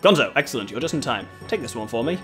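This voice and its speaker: A man's voice: medium pitch, sing-song, quick pace, soft background music, close to an everyday voice. A man voicing a brash, bossy young female pirate captain who gives curt commands, in a game playthrough.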